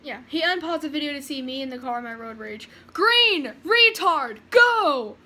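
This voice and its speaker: A woman vlogger rambles nervously, sighing as she chats, and then reads her own story aloud. Her voice sits high, fast and a bit bright.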